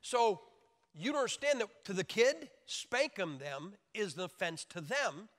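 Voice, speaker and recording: Man, preacher, sermon, emphatic and joking, high voice, bright forceful tone, long hall reverb. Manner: emphatic, joking, acts out crying babies in high shouts.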